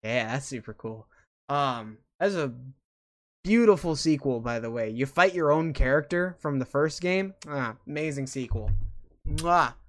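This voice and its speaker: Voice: medium pitch, lively intonation, normal speed. A host in a casual chat, rambling enthusiastically with lots of fillers. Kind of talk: casual chat about video games.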